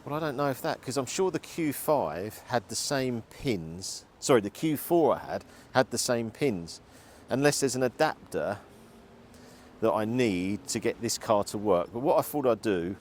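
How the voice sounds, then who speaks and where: A man's voice: on the low side, slight background noise. A man venting his frustration while driving, talking and muttering to himself in a car vlog. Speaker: car vlogger.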